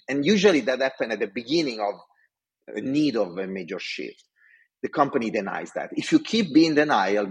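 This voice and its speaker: Middle-aged man, husky and fairly low, passionate storyteller. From Italy. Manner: passionate, animated. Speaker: design executive speaker. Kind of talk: storytelling talk.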